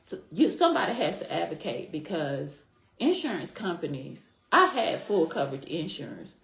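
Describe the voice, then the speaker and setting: Low-voiced woman telling a heartfelt story. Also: big pitch swings, moderate pace, creaky, a bit bright. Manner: earnest, heartfelt storytelling with repeats. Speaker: podcast guest. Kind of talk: personal story in a podcast interview. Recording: echoey room.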